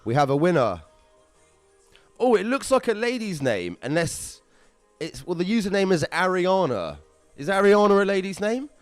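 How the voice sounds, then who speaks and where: A young man hosting a live prize draw, chatting excitably and swearing now and then. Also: high-pitched, moderate pace, dry recording, faint music behind. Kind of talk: casual livestream chat.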